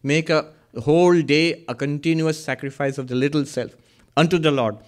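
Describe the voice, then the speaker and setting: A man giving a spiritual discourse, earnest and lively, asking questions and answering them himself. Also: fairly high pitch, normal speed. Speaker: Vedanta teacher.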